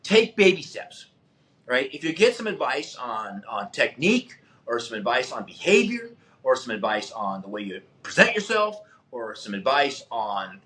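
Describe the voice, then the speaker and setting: A man hosting a motivational podcast, talking emphatically like a coach and acting out little scenes. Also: mid-range voice. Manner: emphatic, animated coaching, acts out quotes. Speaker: podcast host. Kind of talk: motivational talk.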